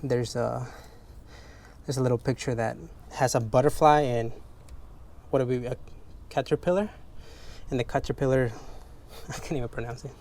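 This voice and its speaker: A man's voice: medium pitch, moderate pace, a little mellow, slight background noise. A man with English as his second language, frankly chatting in a rambling, motivational way while detailing his car, swearing casually.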